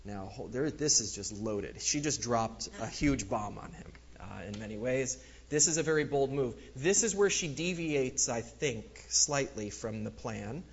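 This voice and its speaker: A man giving a casual, lively Bible lecture, with many fillers, acting out the quoted lines. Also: mid-range voice, unhurried, hardly any pauses, muffled recording. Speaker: Bible teacher. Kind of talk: lecture on scripture.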